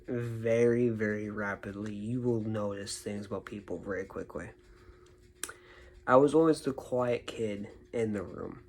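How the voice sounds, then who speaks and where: Gravelly-voiced man telling a story. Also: on the low side, dark tone, a little hiss or hum, low-quality recording. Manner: rambling, repeats words and restarts. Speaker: vlogger. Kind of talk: casual storytelling monologue.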